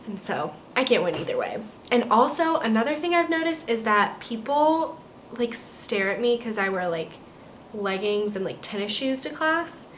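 A woman's voice: a little high, sing-song, moderate pace, slight background noise. A young adult woman with an American accent, a college student chatting through a casual vlog update from her apartment in a bubbly, rambling way full of "like" and "um". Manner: bubbly, rambling, heavy use of "like" and "um". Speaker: vlogger, college student studying abroad.

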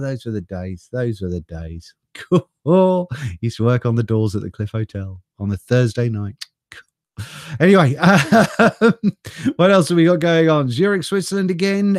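A man's voice: fairly high pitch, no room sound, clean studio sound. Chatty English man on a live stream. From England. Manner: chatty, laughs often, greets viewers by name. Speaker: vlogger reading live chat. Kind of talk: casual live-stream chat. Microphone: desk mic through a mixer.

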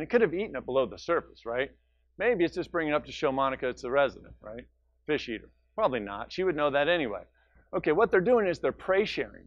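A man's voice: a little high, no room sound, dull audio. A man giving a public science lecture, enthusiastic and conversational, who often checks in with "right?" and narrates slides and video with jokes. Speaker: guest lecturer, marine scientist.

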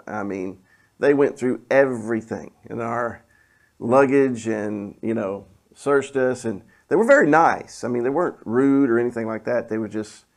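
Gravelly middle-aged preacher. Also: male voice, medium pitch. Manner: conversational storytelling, often dropping to a hushed tone. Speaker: pastor. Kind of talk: sermon with personal story.

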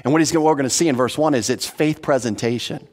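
This pastor's expository sermon comes rapid-fire in a medium-pitched, darkish voice, earnest and teacherly, with points stressed through repetition. The church hall gives the recording a long reverb.

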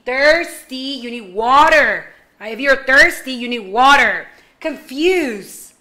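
Animated bilingual woman teacher; bright tone, unhurried pace for little kids. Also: high voice. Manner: animated, switches between English and Spanish, sings prompts. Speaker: kindergarten English teacher. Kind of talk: online class for young children.

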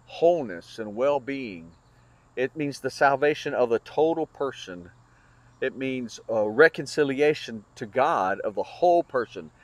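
A man teaching a Bible study lesson in an earnest, explanatory way, with small restarts and fillers. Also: medium pitch.

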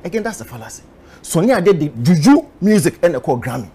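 Husky ghanaian dude lecturing, lists points, pitch jumps around. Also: male voice, sing-song, fast talker, warm tone. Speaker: music critic. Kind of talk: heated argument.

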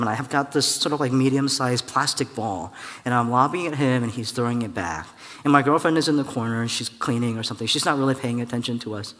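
A man preaching a sermon as a church elder, telling a personal story in a lively way and acting out the voices of the people in it. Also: a little high. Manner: animated storytelling, acts out voices, laughs at own story. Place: church hall. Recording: church hall with long reverb.

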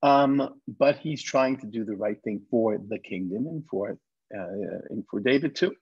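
A man's voice: lowish voice, a little slow, breathy edge. A man who is a rabbi, giving a conversational lecture that retells a bible story and quotes its figures. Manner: conversational, with restarts and quoted speech. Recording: dull lo-fi lecture recording.

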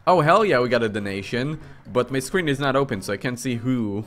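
A young man streaming a game, commenting loudly with crude jokes and sudden yells. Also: medium pitch, brisk, few pauses, soft background music. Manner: excitable, yelling and crude joking. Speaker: gaming streamer.

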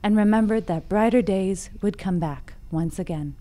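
A woman's voice: mid-range voice, moderate pace, mellow. A woman presenting a scripted storytelling segment on a podcast, laughing at herself and playful in between. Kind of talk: reading a scripted segment and chatting.

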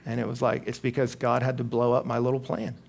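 A man's voice: fast talker, vocal fry, breathy edge. A man, preaching a sermon to a live audience and telling stories animatedly, acting out the voices of the people in them. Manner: animated storytelling, acting out quoted voices with big pitch jumps.

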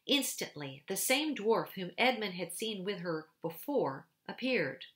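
A woman reading a children's storybook aloud in a gentle, unhurried narration. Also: medium pitch, sing-song. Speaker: storybook reader.

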